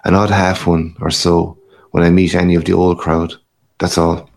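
A man voicing a timid, modest old friend who answers quietly and curtly. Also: low voice, level tone, normal speed, vocal fry.

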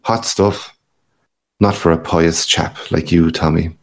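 A man's voice: sits low, fairly even intonation, slow pace, gravelly, heavily acted. A man voicing a boisterous, worldly middle-aged journalist with a hearty, boastful, teasing manner.

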